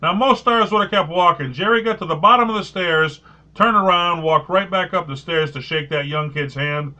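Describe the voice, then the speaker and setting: A male podcast host with a bright, forceful, slightly high voice, telling animated stories and reading listener notes in casual chat. The sound is a little dull and lo-fi. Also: normal speed. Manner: animated storyteller, reads listener comments.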